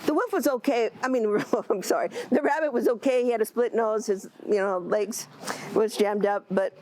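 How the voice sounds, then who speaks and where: Woman storyteller, animated and expressive, fairly high voice, faint live ambience behind. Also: moderate pace, slight background noise, low-quality recording. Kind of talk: oral storytelling to an audience.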